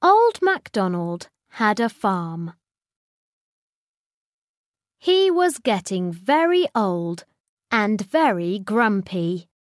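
A woman with a British accent narrating a children's storybook in a clear, expressive read-aloud manner. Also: medium pitch, drawn-out words, long pauses, no room sound, clean studio sound.

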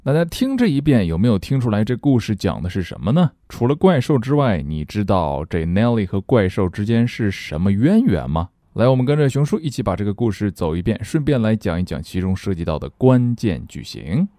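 Middle-aged male teacher, playful and animated; low, mellow voice, dry recording. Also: fairly quick, hardly any pauses, no echo. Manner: playful, animated explaining with jokes about himself. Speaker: English teacher. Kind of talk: friendly audio lesson with storytelling.

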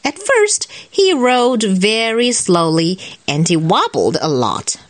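A mother with a Chinese accent, whose first language is Mandarin, reads a picture book aloud to her child in a lively way and explains it as she goes. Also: mid-range voice, slow, no echo. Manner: lively, mixes English reading with Mandarin explanations. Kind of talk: shared picture-book reading.

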